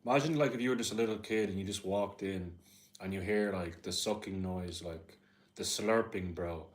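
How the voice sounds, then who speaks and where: A fairly low-pitched man hosting a casual livestream. He talks in a relaxed, offhand way, laughs a lot and ends most sentences with "bro". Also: moderate pace. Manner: laid-back, says "bro" constantly, laughs often. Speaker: livestream host.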